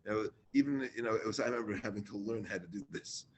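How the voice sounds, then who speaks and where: A man's voice: lowish voice, fast, a little hiss or hum. A man leading a Torah class, reading Hebrew lines and explaining them in casual English with restarts.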